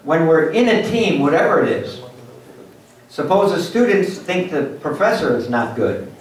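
A man's voice: on the high side, normal speed, far from the mic. Man lecturing in an echoey hall. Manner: lively, acts out little scenes for the audience. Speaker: guest speaker at a symposium. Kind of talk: motivational lecture.

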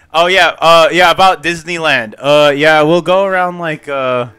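A man's voice: fairly high pitch, sharp tone, clear, resonant tone. A young man co-hosting a podcast, rambling casually with lots of fillers and laughter. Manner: rambling, laughs a lot, swears. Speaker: podcast co-host. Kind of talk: casual chat.

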